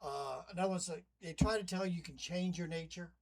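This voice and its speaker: In a low-quality recording, a vlogger posing as a demon narrator rambles to camera a little quickly, his voice sitting high. His monologue is chatty and wry, packed with wandering asides as he styles himself a demon host.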